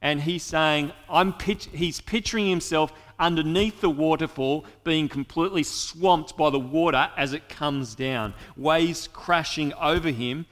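A man's voice: on the high side, a little slow, hardly any pauses, fairly bright tone, in a large hall. A man preaching a sermon in an earnest way, speaking directly to his listeners.

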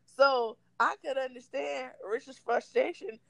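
A young woman co-hosting a podcast, telling a story in an animated, slangy, comic way. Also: high-pitched, a little slow, vocal fry, no echo, low-quality recording. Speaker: podcast co-host. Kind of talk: casual storytelling chat.

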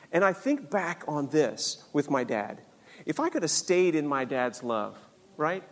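A man's voice: on the high side, a little slow. Earnest older man telling a story. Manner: earnest, animated storytelling with acted-out voices. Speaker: speaker sharing a faith story. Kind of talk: personal storytelling talk. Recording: long hall reverb.

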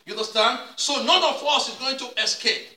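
High-voiced pastor preaching in an echoey room. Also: male voice, brisk, slight background noise. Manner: repetitive call-and-response preaching, rising to shouts. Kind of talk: sermon. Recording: echoey room, mic at a distance.

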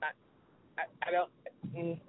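Male sports podcast co-host, high voice, casual and worked up, swears a lot; tinny phone-quality audio. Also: measured pace, no room sound. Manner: excitable, exasperated, swears often. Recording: tinny phone-like dry sound.

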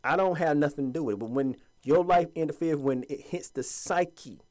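A man's voice: on the high side, normal speed, darkish tone. A man giving an impassioned, preachy monologue to his viewers, sometimes mocking the voices of other people. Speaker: commentator addressing viewers.

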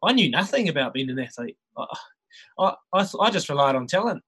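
Laid-back New Zealand man in his thirties, bright and a little high, easygoing podcast guest. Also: sing-song, brisk, slightly rough, low-quality recording. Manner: laid-back, chuckles often, many restarts. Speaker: podcast guest, rugby player. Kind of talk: casual storytelling chat.

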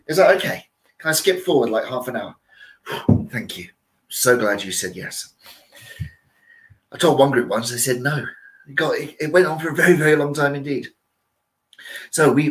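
A man's voice: mid-range voice, poor audio. A man telling a story in character as a costumed storyteller, with a theatrical delivery and playful asides to his listeners. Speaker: costumed storyteller at a visitor attraction. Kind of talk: theatrical first-person storytelling.

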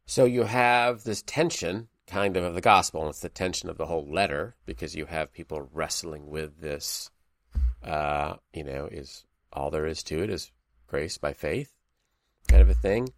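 Man, very low voice, gravelly, dry sound, thoughtful bible study host. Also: normal speed, no room sound. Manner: thoughtful, reads scripture aloud, many fillers. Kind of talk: casual conversational Bible discussion.

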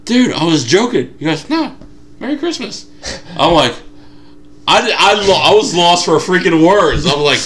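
A young man co-hosting a podcast, telling a story with lots of acted-out quotes. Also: mid-range voice. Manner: animated storyteller, acts out quotes. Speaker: podcast co-host. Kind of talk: casual chat.

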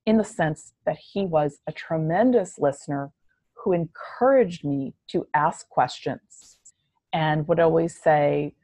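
Woman guest, reflective and unhurried, slightly low voice, dry close sound. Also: mellow, dry recording. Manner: measured, reflective, slow delivery. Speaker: podcast guest. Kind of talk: conversational interview answers.

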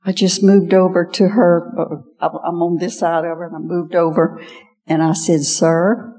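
An older woman tells her story in a low, folksy voice and leans on "I said" as she goes. Her voice carries the long reverb of a large hall where she speaks to a gathering. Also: flat delivery, normal speed, mellow. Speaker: guest speaker. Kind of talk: personal testimony talk. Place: large hall at an evening event.

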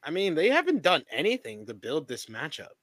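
Man, podcast host, bright forceful voice, dry close sound, reads out matches, casual chat. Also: fairly high pitch, huge pitch swings, a little fast, no room sound. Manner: runs the show, reads out matches and asks each co-host for picks.

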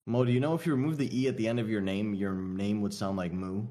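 A man's voice: lowish voice, steady tone, fast, warm tone. A man joking around with friends on a casual video call. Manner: joking, playful.

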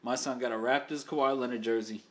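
A man's voice: mid-range voice, steady tone, quick pace. A man in his thirties from New York, co-hosting a sports podcast with wry, laid-back joking. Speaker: podcast co-host. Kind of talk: casual sports banter.

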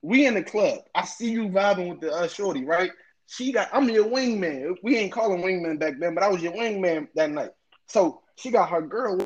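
A man's voice: sits high, lively intonation, normal speed. Insistent man on a dull, lo-fi mic. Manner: insistent, swears, interrupts to push his own version. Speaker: podcast host. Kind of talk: casual podcast banter. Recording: dull, lo-fi sound.

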